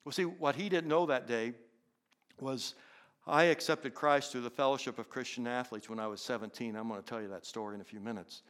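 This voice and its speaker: A man in his fifties, a teacher telling a personal testimony, who swings from loud excitement to soft, hushed tones. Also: a little fast. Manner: animated, jumps into high excited voices for characters, then drops soft and hushed. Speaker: teacher and inspirational speaker. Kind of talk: storytelling testimony.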